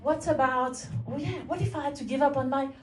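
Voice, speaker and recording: A woman's voice: sits high, a little fast, noisy background. Wry woman doing stand-up. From France. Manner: wry, mock-innocent, rhetorical asides. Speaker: stand-up comedian. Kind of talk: stand-up comedy set. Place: comedy club stage. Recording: echoey room, mic at a distance. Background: audience laughter.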